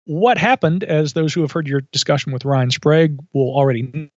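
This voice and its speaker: A man as a podcast guest, telling a story in a thoughtful, measured way with asides and self-corrections. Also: a little high, no room sound. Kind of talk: reflective storytelling in conversation. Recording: dull lo-fi audio.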